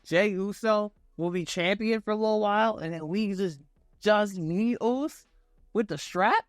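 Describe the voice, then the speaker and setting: A man's voice: high voice, unhurried, dry recording, clean studio sound. A young man giving a casual, profane, slang-filled review of a wrestling event as the channel's host.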